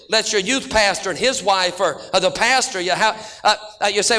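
A middle-aged male pastor preaching a sermon full of folksy jokes and stories, speeding up and then slowing down for emphasis. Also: high voice, pushed and bright. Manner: folksy joking preacher, shifting between quick and slow drawn-out delivery.

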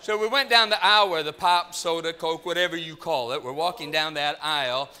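A middle-aged man preaching a sermon, telling funny stories in an animated, joking manner. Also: on the high side, a little fast. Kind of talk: sermon with humorous storytelling.

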